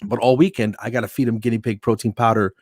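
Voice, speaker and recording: A man's voice: medium pitch, fast, dry recording, clean studio sound. A man from New Jersey, a comedian guest, telling funny stories in casual chat and acting out what people said. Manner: animated anecdotes with acted-out quotes.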